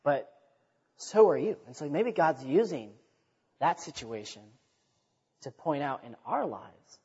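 Guy preaching a sermon, kinda husky, higher voice, dull echoey hall sound. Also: big pitch swings, unhurried, a little mellow. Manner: conversational, repeats words, acts out quotes. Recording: dull recording in a reverberant hall.

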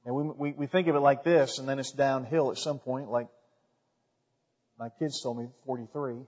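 Husky-voiced man preaching in a reverberant hall. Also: medium pitch, steady tone, moderate pace. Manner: folksy preaching, rising to loud emphatic peaks. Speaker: pastor. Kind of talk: sermon. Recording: dull recording with long hall reverb.

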